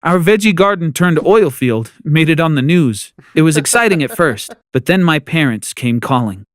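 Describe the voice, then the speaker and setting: A man narrating a first-person storytime with an animated telling. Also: fairly high pitch, normal speed, dry recording, studio quality.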